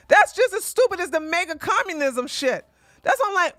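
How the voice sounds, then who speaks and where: A man's voice: extremely high pitch, very animated, normal speed, a bit bright, no echo, studio quality. A man hosting a livestream, ranting combatively and mocking his opponents with heavy profanity and repetition. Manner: repeats lines for emphasis, laughs scornfully. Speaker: livestream host. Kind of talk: livestream commentary rant.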